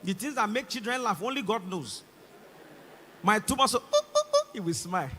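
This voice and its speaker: High, bright Nigerian stand-up comedian. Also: male voice, moderate pace, slight background noise. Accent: Nigerian English. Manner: animated, acts out voices and shouts. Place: large concert hall stage. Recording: live concert hall reverb.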